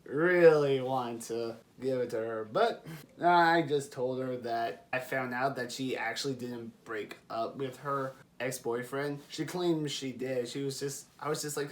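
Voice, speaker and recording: A man's voice: mid-range voice, unhurried. A young man vlogging, chatting casually as he tells a personal story and laughing along the way. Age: young adult. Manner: animated, chatty, laughs while telling.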